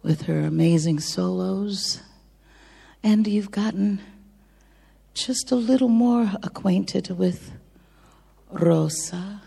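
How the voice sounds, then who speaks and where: A woman bandleader chatting with the audience between songs, drifting into soft near-whispered asides. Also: mid-range voice, slow, gravelly, pauses often, breathy edge. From lived in France twenty-four years. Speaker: bandleader on stage. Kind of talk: stage banter between songs. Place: large concert hall with an audience. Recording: reverberant hall with a faint crowd.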